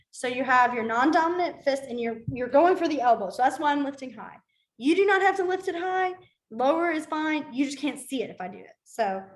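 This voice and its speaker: A somewhat high-voiced woman leads an informal sign language class. She talks in a loose, chatty way, scattering fillers through her explanations and stories. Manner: chatty, filler-heavy, animated storytelling. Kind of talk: casual class teaching.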